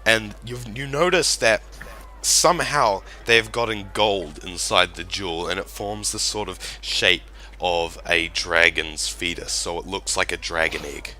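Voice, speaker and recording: A man runs a tabletop game, narrating in a loose, rambling way. His voice sits fairly low yet sounds very bright and sharp. He laughs often as he talks. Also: fairly even intonation, a little slow, slight background noise. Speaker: game master.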